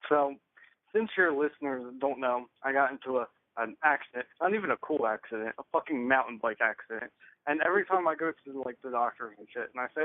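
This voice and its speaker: A man's voice: fairly high pitch, lively intonation, fast talker, no echo. A man in his twenties on a podcast, ranting and swearing in exasperation. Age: 20s. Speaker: podcast co-host. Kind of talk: comic rant. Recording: tinny phone-like recording.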